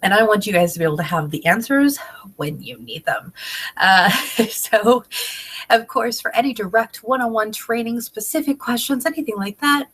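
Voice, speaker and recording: A woman's voice: on the high side, animated, normal speed, a bit bright, breathy edge. A woman in her thirties talks straight into a webcam, chatty and upbeat, running a casual team training. Her voice is stuffy and congested from a head cold, and she keeps her energy up anyway. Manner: chatty and upbeat, many fillers. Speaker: direct sales team trainer. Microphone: webcam video call.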